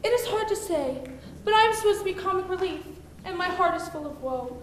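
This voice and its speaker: A woman's voice: very high-pitched, animated, a little fast, a little hiss or hum. A woman on stage playing a glum female comic-relief jester, with wry, exasperated lines. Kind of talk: amateur stage comedy. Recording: echoey stage from a distance.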